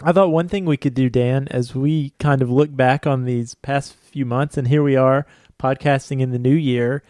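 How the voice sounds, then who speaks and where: A man co-hosts a casual podcast in a friendly, chatty way and laughs easily. His voice sits at an ordinary middle pitch. The close mic sounds dry, with no room around it. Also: steady tone, moderate pace, a little mellow, no room sound. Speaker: podcast co-host.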